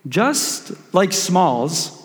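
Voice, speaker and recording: A man, a pastor, preaching a sermon in an animated, joking way and calling on the congregation to respond. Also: high voice, extremely slow, big-room sound.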